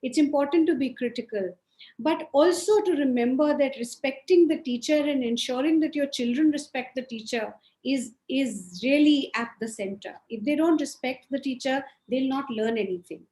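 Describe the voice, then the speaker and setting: A woman from India speaking firmly as a panelist in an online discussion, often pausing with "uh". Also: high-pitched, mellow. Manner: firm, with frequent hesitations. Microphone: video call. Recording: echoey room.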